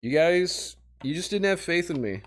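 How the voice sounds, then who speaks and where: A man's voice: on the high side, animated, normal speed. A young man from Missouri chatting casually with his livestream audience, self-mocking and talking straight to chat.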